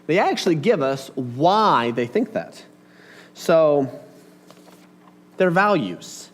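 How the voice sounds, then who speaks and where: A man with a voice on the high side preaches a casual, chatty sermon at a slow pace. Animated, he talks straight to his congregation, tossing in asides and questions.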